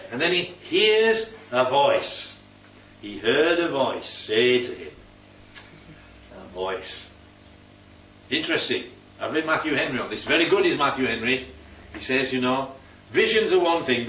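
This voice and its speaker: A man's voice: mid-range voice, fairly bright tone, a little hiss or hum. A man leading a Bible study, teaching and quizzing the group with questions. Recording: roomy, distant, dull sound.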